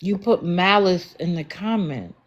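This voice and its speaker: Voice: mid-range voice, lively intonation, a little slow, lo-fi sound. A livestream host talking back to viewers in the comments, challenging and sarcastic.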